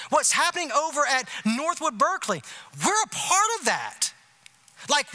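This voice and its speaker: A male pastor, preaching a conversational sermon full of rhetorical asides like "you see what I'm saying?". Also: very high-pitched. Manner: animated, emphatic delivery. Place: church sanctuary.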